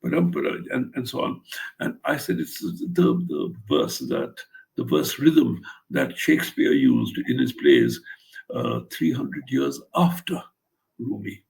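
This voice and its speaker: An older man's deeply gravelly voice, full of fry, rises and falls in a lively way. He is an author from India, telling a story in an interview with blunt, wry humour. He acts out the lines of the people in his story. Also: measured pace, low-quality recording. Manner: wry, blunt anecdotal storytelling with acted-out quotes.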